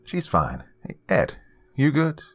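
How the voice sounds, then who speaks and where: A man's voice: medium pitch, wildly swooping pitch, slow, faint music behind, pitched above the performer's own voice, exaggerated voice. A man voicing a laid-back young male stoner buddy who talks in a casual, slangy drawl.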